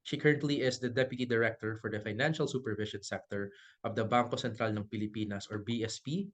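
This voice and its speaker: A man moderating a webinar, introducing speakers in a friendly, polite, unhurried way. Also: fairly low pitch.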